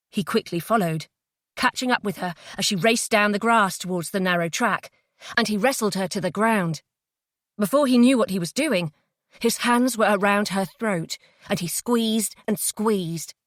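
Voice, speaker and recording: A woman's voice: medium pitch, no echo. Woman narrating a thriller, dry and close. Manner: measured, dramatic thriller reading. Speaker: audiobook narrator. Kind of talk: scripted narration.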